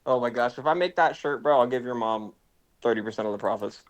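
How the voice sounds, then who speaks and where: A man's voice: mid-range voice, fast talker. A young man hosting a casual stream chat, joking with slang and laughing often. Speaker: streamer host.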